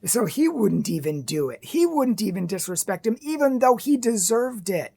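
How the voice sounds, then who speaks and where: A woman's voice: medium pitch, sing-song, moderate pace, gravelly, dark tone, breathy edge. A woman giving earnest, emphatic opinion commentary, full of rhetorical questions.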